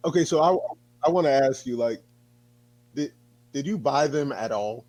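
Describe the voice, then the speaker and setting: Male co-host, mid-pitched and relaxed, dry close-mic sound; agreeable, moves the chat along with questions. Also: moderate pace, no echo, rough recording. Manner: easygoing, agreeable, asks his co-host questions. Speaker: movie review co-host. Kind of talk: casual movie review chat.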